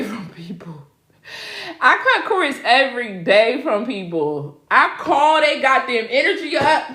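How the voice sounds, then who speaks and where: A woman's voice: fairly high pitch, sharp tone. Chatty, laughing middle-aged woman in an echoey room. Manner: chatty and laughing, talks straight to viewers. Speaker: spiritual reader and host. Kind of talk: casual live Q&A chat.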